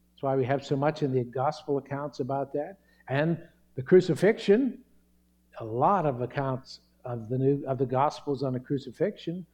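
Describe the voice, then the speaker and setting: A man's voice: fairly high pitch, dark tone, muffled recording. A middle-aged man pastor delivering a sermon, earnest and emphatic, stressing key words.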